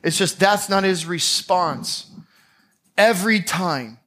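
A male pastor with a high, bright voice delivers a sermon. He tells the story dramatically, swinging from hushed, low passages to loud, acted-out scenes. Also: slow pace.

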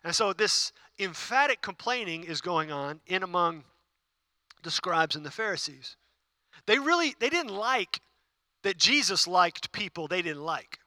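Male pastor, sermon; high, bright and lively, jokes with the room. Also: moderate pace, no echo. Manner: animated preaching, rising in pitch and volume for emphasis; jokes with the congregation.

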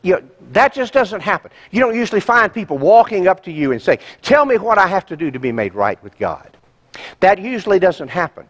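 Male pastor, slightly high voice, animated pulpit delivery with rhetorical questions. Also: a little fast. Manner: emphatic, rhetorical questions to the congregation. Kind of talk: sermon.

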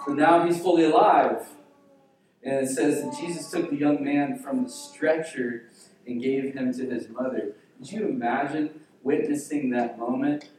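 Slow preaching man in a booming hall. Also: a little hiss or hum. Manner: dramatic storytelling, acting out quotes with hushed drops. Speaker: pastor. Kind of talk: sermon. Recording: very echoey hall, voice from far off.

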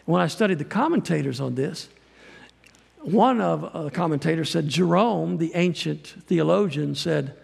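Animated preacher with a gravelly voice. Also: male voice, on the high side, moderate pace, long reverb tail. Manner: folksy, animated preaching with acted quotes. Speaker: pastor and missionary. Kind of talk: sermon.

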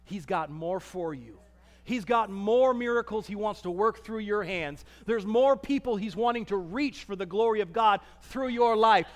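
High-voiced man preaching in a hall. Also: moderate pace. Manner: dynamic preaching, acting out quoted voices with swings from loud to soft. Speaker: pastor. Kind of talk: sermon. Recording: long reverb of a large hall.

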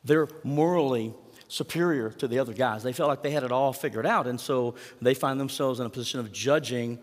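A man's voice: medium pitch, fairly quick, in a large hall. A man preaching a sermon in a conversational way, asking the congregation rhetorical questions. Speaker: pastor.

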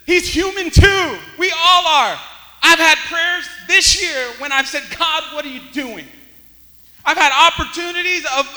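A pastor preaching a sermon, swinging from loud exclamations to hushed near-whispers. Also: male voice, very high voice, big-room sound, rough recording.

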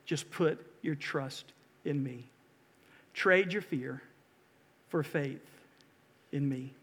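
A man preaching a sermon as pastor, impassioned, swinging from loud rousing calls to quiet earnest pleas. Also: on the high side, drawn-out words, slightly rough, in a large hall. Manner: impassioned, rising to loud exhortation and dropping to hushed pleas.

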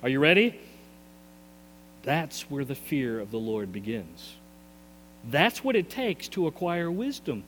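A man's voice: on the high side, sing-song, measured pace, pauses often, a bit bright. A male pastor preaching a sermon in a church, earnest, often repeating his words as his intensity rises and falls. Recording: long reverb in a hall, faint mains hum.

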